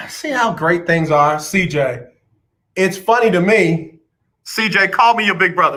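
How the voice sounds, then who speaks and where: Man, radio host, bright voice, slightly high, teasing and playful. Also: animated, slow. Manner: playful, teasing, talks straight to listeners. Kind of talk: casual joking radio chat.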